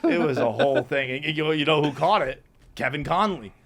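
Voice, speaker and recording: A man guesting on a podcast, telling a rowdy story casually, laughing and jumping into high yelps when he reenacts his own yells. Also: lively intonation, brisk.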